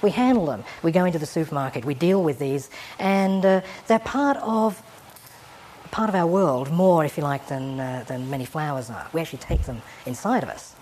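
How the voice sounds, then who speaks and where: Woman lecturing at an evening talk, kinda low voice, rambly and wry, dry little humour. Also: moderate pace, a little mellow. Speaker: guest lecturer.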